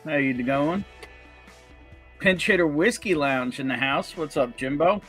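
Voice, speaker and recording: A man hosting a casual whiskey livestream, greeting viewers with jokey, upbeat shout-outs. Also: on the high side, a little slow. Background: faint background music.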